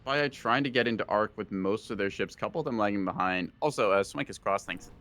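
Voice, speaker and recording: A man's voice: fairly low pitch, fast, fairly bright tone. A man giving color commentary on a live space battle match, analytical and conversational. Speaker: esports co-caster.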